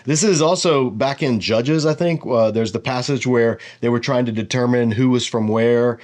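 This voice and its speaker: A man giving a relaxed lesson, explaining each letter while thinking aloud. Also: mid-range voice, moderate pace. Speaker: teacher. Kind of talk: casual whiteboard lesson.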